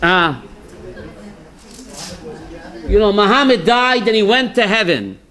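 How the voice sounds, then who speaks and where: A man teaching an informal religious class as a rabbi. He tells jokes and stories and keeps asking his listeners "right?", sometimes shouting a punchline. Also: high-pitched, very animated, slow pace.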